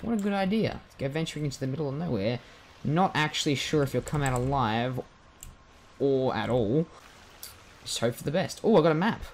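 A man giving let's play commentary at his computer, joking and reacting with excitement to the game as he plays. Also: medium pitch, a little fast, a little hiss or hum. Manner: excitable, jokey, yelps and laughs at the game. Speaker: gaming YouTuber.

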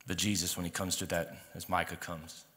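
Male pastor, deep voice, conversational sermon delivery with emphatic swells, church hall reverb. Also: flat delivery, a little fast, a little hiss or hum. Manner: conversational preaching with emphatic rises and quiet asides. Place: church sanctuary. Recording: long hall reverb with faint music.

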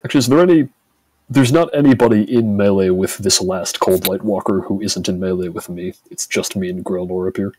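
Male player, very deep and husky, thinks aloud, dry close sound. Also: a little fast, mellow, no echo. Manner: thinks aloud, asks questions to sort out positions. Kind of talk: playing a tabletop game.

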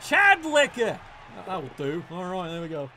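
A man commentating a tabletop-style video game match casually, excitable and profane, stammering when worked up. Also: high voice, moderate pace, slight background noise.

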